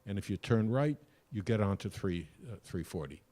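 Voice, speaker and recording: Older guy with a lowish voice making a rambling comment at a town meeting, lots of uhs. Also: lively intonation, normal speed, mellow. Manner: rambling, hesitant with many uhs. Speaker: public commenter.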